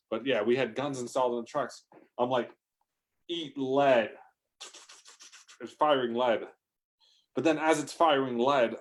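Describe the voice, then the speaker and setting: Male comic storyteller, rambling and profane, prone to sudden over-the-top outbursts. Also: mid-range voice. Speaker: comedic storyteller.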